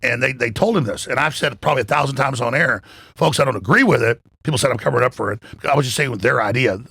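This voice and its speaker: A man talking as a podcast guest, animated and emphatic, swearing freely and acting out what others said. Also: mid-range voice, very fast, no echo, clean studio sound. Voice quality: gravelly, husky. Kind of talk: excited podcast talk. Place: in Florida.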